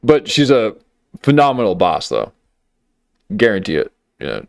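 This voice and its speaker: A man's voice: lowish voice, wildly swooping pitch, unhurried, creaky, no echo, studio quality, soft background music. A man hosting a livestream and commenting on clips, getting worked up and talking back at the screen.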